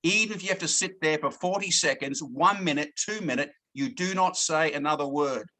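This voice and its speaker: A man's voice: fairly high pitch, normal speed, pushed and bright. A man giving a sales training talk to a team, often stopping to check in with "okay?" and repeating words as he goes. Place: lives in Thailand, now in Australia.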